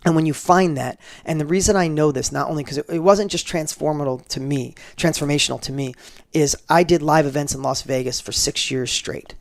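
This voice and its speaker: A man's voice: on the high side, brisk, no echo. A middle-aged man, a guest in an interview, telling a personal story emphatically and acting out the dialogue. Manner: emphatic, animated, acts out quoted dialogue.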